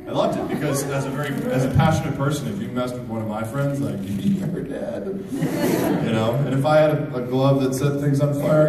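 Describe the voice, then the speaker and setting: At a fan panel in a big convention hall full of people, a thirtysomething male guest speaks at medium pitch and normal speed, breaking into loud, excited impressions as he tells his story. The hall is very echoey, he's distant from the mic, and the crowd is audible.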